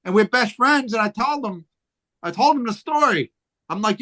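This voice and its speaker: High-voiced man telling stories. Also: animated, normal speed, sharp tone. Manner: rambling, profane storytelling with many fillers. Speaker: podcast guest, rapper. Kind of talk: casual chat.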